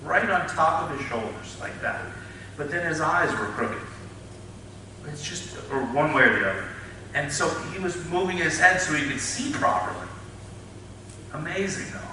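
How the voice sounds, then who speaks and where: A middle-aged man, a chiropractor, speaking to an audience and telling patient stories with lively, acted-out moments and frequent laughs. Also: a little high, normal speed, long pauses, recorded from a distance. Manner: animated storyteller, acts out scenes, laughs often. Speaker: chiropractor giving a talk. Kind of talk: storytelling talk to an audience. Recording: echoey hall, speaker off mic, faint noise.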